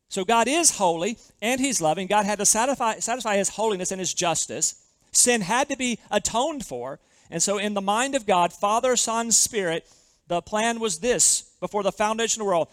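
High-voiced earnest male preacher. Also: no echo. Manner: earnest, emphatic preaching with repeated phrases. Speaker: pastor. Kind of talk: sermon.

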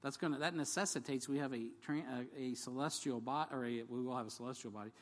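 A man with a medium-pitched voice preaches quickly in a conversational, jokey sermon, asking the congregation questions and reading scripture aloud. The recording carries a long hall reverb.

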